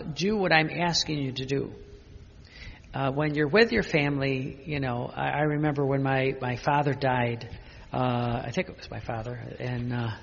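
An older man, a priest, giving an unscripted spiritual talk with personal stories, speaking haltingly with many restarts and fillers. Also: a little high, gravelly, fairly bright tone, husky, big-room sound, dull audio.

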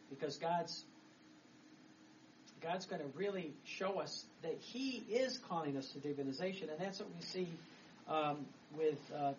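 A middle-aged man, a Catholic priest, giving a chatty homily that rambles, with laughs and restarts. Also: on the high side. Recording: distant mic, dull sound, faint background noise.

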